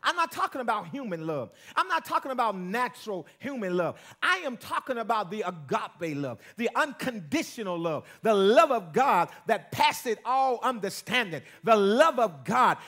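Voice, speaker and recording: Animated, high-voiced preaching pastor. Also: male voice, moderate pace, hardly any pauses. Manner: call-and-response preaching, rising to shouts. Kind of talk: sermon. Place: church sanctuary with congregation.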